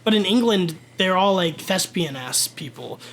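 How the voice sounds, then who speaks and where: High-voiced cursing podcast man. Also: lively intonation, moderate pace, a bit bright, slight background noise. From Kentucky. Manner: profane, rambling, emphatic. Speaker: podcast co-host. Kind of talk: casual chat.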